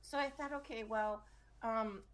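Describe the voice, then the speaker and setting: A woman's voice: a little high, a little slow, a little hiss or hum. A woman co-hosting a casual chat show, telling a story and laughing often. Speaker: podcast co-host.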